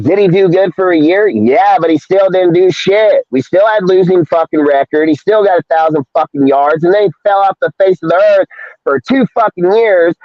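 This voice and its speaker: A man's voice: no room sound, highs cut off. A man ranting angrily and profanely on a sports talk stream, swinging his voice up and down. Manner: profane, ranting, swings between high and low pitch. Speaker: podcast co-host. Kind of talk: heated sports call-in rant.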